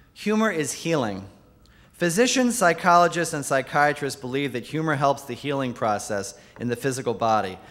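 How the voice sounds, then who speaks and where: In a large conference hall with long reverb, a male Jesuit priest delivers a keynote in a mid-range, slightly bright voice. He tells humorous anecdotes, lowering his voice for the quoted punchlines.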